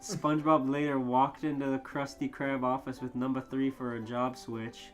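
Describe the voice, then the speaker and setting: A man co-hosting a comedy podcast, reading fan fiction aloud with mock drama and bursts of shouting. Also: medium pitch, flat delivery, moderate pace, faint music behind. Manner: reads aloud with sudden loud shouted quotes and laughs.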